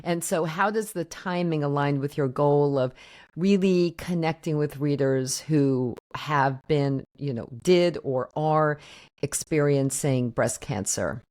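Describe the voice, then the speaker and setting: Talk-show host: woman, low-pitched, chatty, meandering questions. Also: slow, a little mellow. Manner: chatty, rambling questions with many fillers. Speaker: podcast host. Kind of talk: conversational interview.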